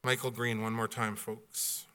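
A man preaching a sermon, blunt and folksy, swinging from loud outbursts to hushed asides. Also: mid-range voice, unhurried. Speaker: pastor.

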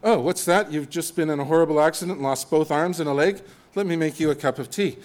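A man's voice: a little high, quick pace, a little mellow, lightly acted. A man putting on a fussy, overly polite British person offering tea in any crisis. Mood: prim.

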